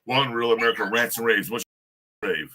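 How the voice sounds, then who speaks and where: A man's voice: mid-range voice, fairly even intonation, quick pace, pushed and bright. A man hosting a casual live rant show, rambling loosely and boastfully while drinking. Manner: rambling, loose and boastful, keeps repeating a catchphrase.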